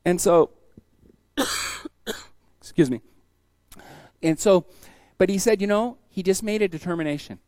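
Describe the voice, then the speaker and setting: A man preaching a casual sermon, telling folksy stories and acting out the people in them with sudden loud bursts. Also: high voice, a little slow, pauses often, dry recording. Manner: storytelling, acts out quoted voices with sudden loud bursts; folksy, conversational.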